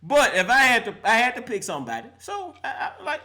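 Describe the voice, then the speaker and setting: Animated, bright-voiced man hosting a live sports roast. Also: sits high, a little fast, hardly any pauses. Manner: animated, laughing, mock-preacher call-outs. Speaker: host of a live call-in sports show.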